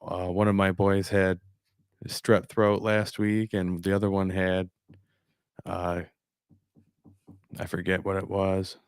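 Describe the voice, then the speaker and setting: A man's voice: sits low, little pitch movement, takes it slowly, long pauses, clear, resonant tone, no echo, studio quality. A man co-hosting a casual podcast with easygoing short replies, losing his voice as he comes down with a cold. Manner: laid-back, brief replies. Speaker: podcast co-host. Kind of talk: casual live podcast chat.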